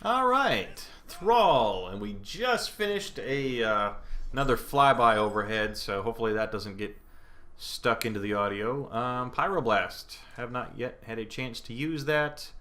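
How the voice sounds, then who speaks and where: A young man narrates his own card game while playing, his voice medium in pitch, bright and pushed, at a moderate pace. He thinks aloud and hesitates over moves with playful, put-on panic, a casual gameplay commentator in a room at home as planes pass overhead.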